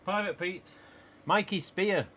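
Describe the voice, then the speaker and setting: A man's voice: high voice, slow pace, pushed and bright, slight background noise. A man with an English East Midlands accent, live streaming from a small home office and chatting casually with viewers in a rambling way, laughing often.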